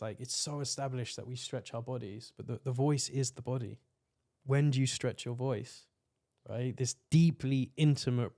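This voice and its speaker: A man speaks as a guest on a podcast, with a mid-range voice that sits neither high nor low. His delivery is earnest and exploratory, and he reaches for words with plenty of "like" fillers. He unpacks his ideas at length in a loose, conversational way. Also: darkish tone. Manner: earnest, searching, many "like" fillers. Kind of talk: reflective conversational explanation.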